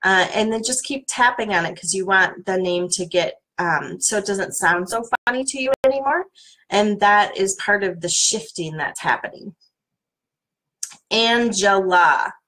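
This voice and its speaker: Middle-aged woman coach, mid-range voice, gently guides listeners through tapping. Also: mid-range voice, normal speed, rough recording. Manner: calm, soothing guidance with playful repeated names.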